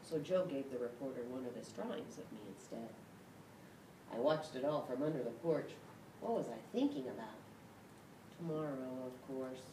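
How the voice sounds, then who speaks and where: A woman reading a dog's storybook aloud in the first person, expressive, with sudden shouts and yelps, recorded in an echoey room from a distance with a rumble behind. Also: moderate pace. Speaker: storybook reader. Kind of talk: reading a picture book aloud.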